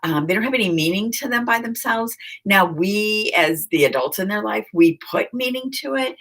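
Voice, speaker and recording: A woman's voice: medium pitch, expressive, normal speed, hardly any pauses, fairly bright tone. A woman giving a conversational recorded lecture, asking the listeners questions and repeating key points.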